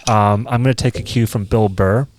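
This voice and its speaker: A man's voice: lowish voice, fairly even intonation, moderate pace, a little hiss or hum. A man hosting a casual podcast, chatty and joking, asking follow-up questions. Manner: chatty, asks follow-ups, jokes. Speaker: podcast host. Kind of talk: casual chat.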